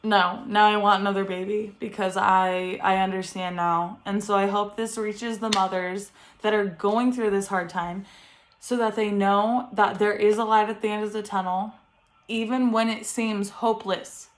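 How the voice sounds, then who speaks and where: A woman's voice: mid-range voice, steady tone, normal speed, fairly bright tone. A young woman, a first-time mother, talking earnestly and encouragingly to camera at home, often laughing. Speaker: vlogger, first-time mom. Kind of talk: heartfelt vlog talk to camera. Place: home bedroom with ring light.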